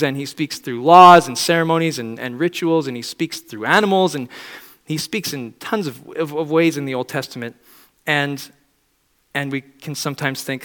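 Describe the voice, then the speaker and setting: A man's voice: on the high side, a bit bright, long reverb tail. A man preaching a sermon in a conversational, reflective way, often asking rhetorical questions.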